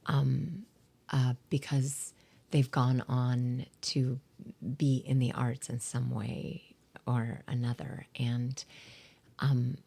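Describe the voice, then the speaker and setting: A woman from South Dakota, a theater performer and teacher, telling stories in a rambling interview chat with lots of fillers and soft whispery asides. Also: very deep voice, little pitch movement, slow pace, gravelly. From South Dakota, USA. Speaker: guest, actor and theater teacher.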